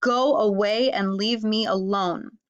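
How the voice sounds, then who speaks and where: A woman's voice: mid-range voice, fairly even intonation, slow pace, clear, resonant tone, dull audio, close to an everyday voice. A woman voicing a grumpy, lonely male rhinoceros in a read-aloud animal story, huffing and grumbling his lines. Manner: huffy and grumbling.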